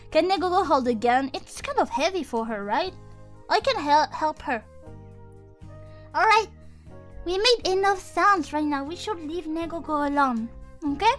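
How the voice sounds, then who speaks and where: A woman's voice: very high-pitched, a bit bright. A woman streaming as a VTuber, chatting casually with viewers in a giggly, exuberant and playfully crude way. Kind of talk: casual livestream chat with viewers.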